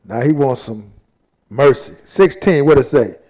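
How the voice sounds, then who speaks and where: A man's voice: mid-range voice, a little slow, dark tone. A man leading a Bible study in a casual, slangy, laid-back way, retelling scripture in everyday talk.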